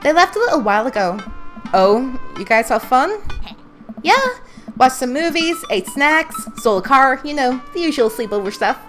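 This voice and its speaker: A woman voicing a sarcastic teenage daughter in a put-on American accent, deadpan and teasing. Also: high voice, normal speed, faint music behind.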